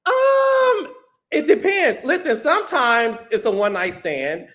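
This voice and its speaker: High, lively man hosting a podcast. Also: moderate pace. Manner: animated, storytelling, repeats words. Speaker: podcast host. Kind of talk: casual chat.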